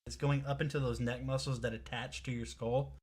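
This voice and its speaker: A young man hosting a live product showcase stream, chatting casually and excitably straight to his viewers. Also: medium pitch, brisk, husky. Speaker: livestream product showcase host.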